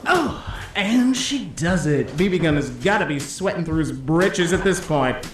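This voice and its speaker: A performer playing a brash announcer calling a bowling tournament in a 1950s-style radio play, with excitable play-by-play patter. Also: mid-range voice, unhurried. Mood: excited. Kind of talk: 1950s radio drama acting. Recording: roomy echo with clear noise.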